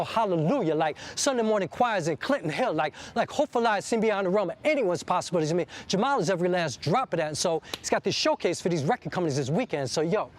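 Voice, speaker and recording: A man performing a rhythmic, poetic spoken-word monologue. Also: high voice. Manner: rhythmic, poetic street-inflected delivery. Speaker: writer-performer.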